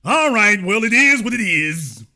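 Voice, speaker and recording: A middle-aged man hosts his own show with a high, lively voice that swoops up and down. His tone is bright and sharp, and he talks in mocking, theatrical rhetorical questions. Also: unhurried. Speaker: online show host. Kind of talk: sarcastic political commentary.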